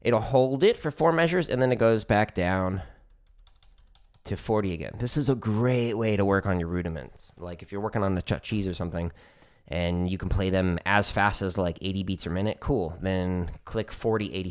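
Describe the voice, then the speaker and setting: A man's voice: sits low, normal speed. A man casually explaining drum exercises on his practice livestream, chatty and joking as he goes.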